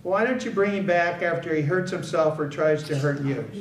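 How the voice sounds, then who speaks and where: A man's voice: on the high side, normal speed. An older man giving a public speech at an awareness event, telling a personal story and acting out the quoted dialogue with emphasis. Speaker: invited speaker at an awareness event. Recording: echoey hall, picked up from far off, faint background noise.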